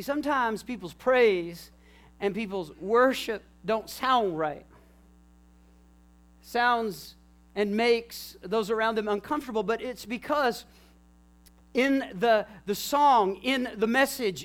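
High-voiced man preaching with fervor. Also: slow pace. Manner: impassioned preaching, swings from hushed to shouting. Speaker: pastor. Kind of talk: sermon.

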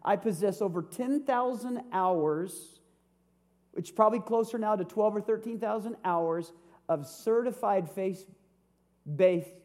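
A man's voice: high-pitched, a little slow, darkish tone. A man in his fifties, a pastor, preaching a sermon with humor and rhetorical questions. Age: 50s.

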